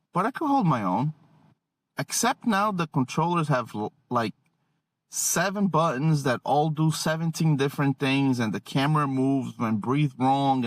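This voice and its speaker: A man's voice: medium pitch, a bit bright, dry recording. A wry, self-deprecating man in his late thirties to forties hosting a podcast and telling comedic stories about being a dad. He takes his time, letting each exasperated beat land. The sound is dry and close, with no room around it. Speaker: podcast host. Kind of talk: comedic storytelling monologue.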